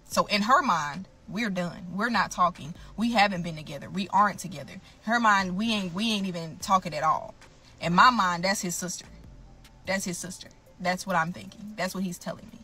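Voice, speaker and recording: A woman's voice: fairly low pitch, moderate pace, pushed and bright, husky, faint music behind. A woman telling her own story to camera, blunt and emphatic, often calling out to her viewers.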